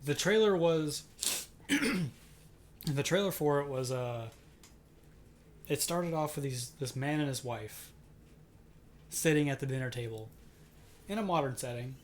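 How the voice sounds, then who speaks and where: A man co-hosting a casual podcast who tells stories in an animated way and acts out the quoted lines. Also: mid-range voice, unhurried, pauses often, a little hiss or hum. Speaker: podcast co-host. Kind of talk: casual chat.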